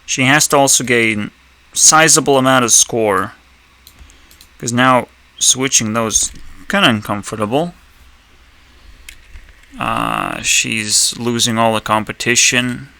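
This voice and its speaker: Slow, bright-voiced male commentator. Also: mid-range voice, vocal fry, clear, resonant tone. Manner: rambling, profane, laughs often. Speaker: video commentator. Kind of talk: casual reaction commentary.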